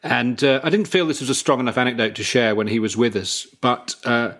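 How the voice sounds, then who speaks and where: A man's voice: mid-range voice, brisk, a bit bright. Dry, self-mocking middle-aged man. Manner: dry, self-deprecating storyteller. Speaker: podcast host. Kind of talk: casual chat.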